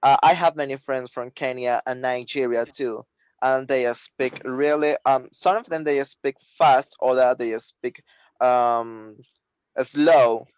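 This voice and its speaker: A man whose first language is Spanish, talking in a halting way with many fillers in a casual online discussion during a webinar. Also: mid-range voice, fairly even intonation, darkish tone, smooth, dry recording, poor audio. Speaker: webinar participant. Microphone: video call.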